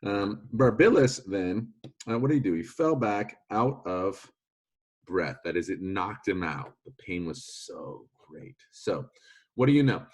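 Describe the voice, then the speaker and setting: A man's voice: low voice, lively intonation, measured pace. A man teaching a Latin lesson online in a playful way, with jokey asides.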